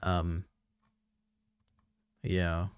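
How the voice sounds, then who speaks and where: A man's voice: low voice, completely flat delivery, drawn-out words, clean tone, dry recording, clean studio sound. A young man streaming, reacting to videos in an offhand, chatty way and thinking aloud.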